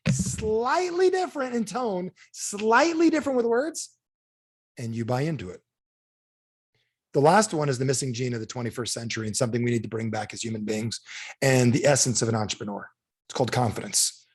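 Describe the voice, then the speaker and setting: A man's voice: mid-range voice, a little mellow. A man giving a live sales training seminar as a motivational speaker, blunt and punchy, keeps quizzing the audience.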